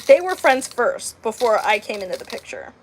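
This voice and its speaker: A woman in her late twenties with a high, light voice tells a story in a loose, chatty way. She rambles, leans on "like" and "um", and slips into lively voices when she quotes people. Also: normal speed, husky. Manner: rambling, heavy on "like" and "um", with animated quoted dialogue. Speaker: crafting channel host. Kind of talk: casual storytime chat.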